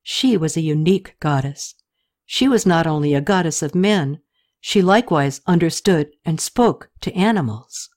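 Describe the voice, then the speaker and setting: A woman narrating an audiobook story in a steady scripted reading, lifting her pitch slightly for characters' lines. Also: normal speed.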